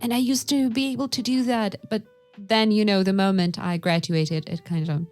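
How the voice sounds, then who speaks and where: Woman telling animated stories. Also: mid-range voice, normal speed, faint music behind. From Russia. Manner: animated storyteller who acts out quoted dialogue. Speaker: podcast co-host, English teacher. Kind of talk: casual podcast chat.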